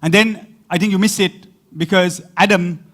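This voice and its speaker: A man preaching a sermon as pastor, animated, repeating words for emphasis and breaking into laughing asides. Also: high-pitched, moderate pace.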